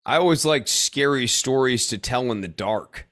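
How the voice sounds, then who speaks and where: A man's voice: medium pitch, normal speed, a bit bright, no echo, clean studio sound. A man co-hosting a podcast, chatting playfully and teasing his partner. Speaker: podcast co-host. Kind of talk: casual chat.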